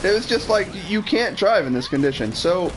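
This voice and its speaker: A man tells a meandering story on a game stream, cursing casually and restarting his sentences. His voice sits slightly higher than most men's, with a faint background hiss. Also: expressive, brisk, poor audio. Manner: rambling, swears freely, restarts sentences. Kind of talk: casual storytelling while gaming.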